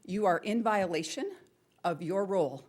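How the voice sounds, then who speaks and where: A woman's voice: medium pitch, lively intonation, moderate pace, a little mellow. A woman and parent giving an emotional public comment at a school board meeting, pleading and repeating her questions. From North Dakota, US.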